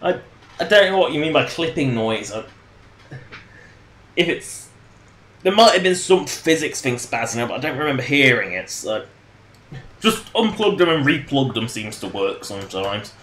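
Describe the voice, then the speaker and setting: A man's voice: mid-range voice, big pitch swings, moderate pace, long pauses, fairly bright tone, roomy sound. A man casually commenting on his game during a livestream, rambling and joking and laughing at his own jokes. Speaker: game streamer.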